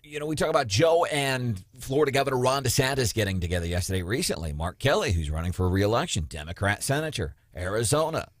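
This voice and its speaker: Animated, mocking talk radio host. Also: male voice, medium pitch, quick pace, hardly any pauses, no echo, studio quality. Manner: animated, mocking, puts on quoted voices. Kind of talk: political talk radio chat.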